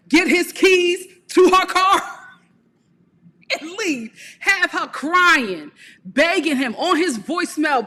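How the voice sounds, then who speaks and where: A woman's voice: sits high, very animated, takes it slowly, bright, forceful tone, big-room sound. A woman giving a blunt, sassy live review of a reality TV show, often laughing.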